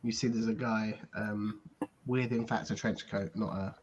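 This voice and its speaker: A man's voice: on the low side, normal speed, breathy edge. Guy gm narrating, laid back, lots of ums, bit muffled audio. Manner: relaxed, rambling narration with many fillers. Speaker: game master. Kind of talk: narrating a tabletop game.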